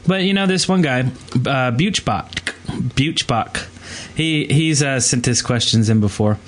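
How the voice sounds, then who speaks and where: A man's voice: medium pitch, a little slow. A young man co-hosting a gaming podcast, telling stories in a rambling, upbeat, self-interrupting way. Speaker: podcast co-host. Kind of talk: casual podcast chat.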